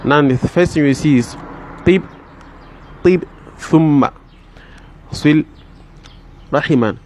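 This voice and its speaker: A man teaching a lesson, repeating example words slowly and deliberately, with many fillers and restarts. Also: fairly high pitch, darkish tone. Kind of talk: explaining a text line by line.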